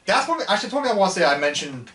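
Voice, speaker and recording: A man's voice: high-pitched, very animated, rapid-fire, a crowd in the background. A man hosting a casual movie review chat, rambling with frequent restarts and laughs between points. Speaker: podcast host. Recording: echoey room, mic far off.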